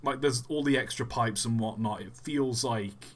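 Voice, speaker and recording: A man's voice: mid-range voice, moderate pace, fairly bright tone. A young man giving casual, jokey live-stream commentary, chatty and often trailing off.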